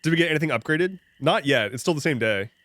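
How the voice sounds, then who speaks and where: A man's voice: fairly high pitch, animated, fast talker, a bit bright, no room sound, soft background music. A man live-streaming a farming game, chatting casually and jokingly to his viewers, rambling between tangents with frequent restarts and the odd swear. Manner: rambling, jokey, talks to chat. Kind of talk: casual live-stream chat while gaming.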